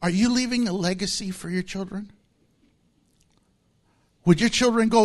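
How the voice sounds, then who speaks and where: A middle-aged man preaching a sermon, animated and conversational, acting out quotes and laughing along the way. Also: high-pitched, moderate pace, long pauses. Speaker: pastor.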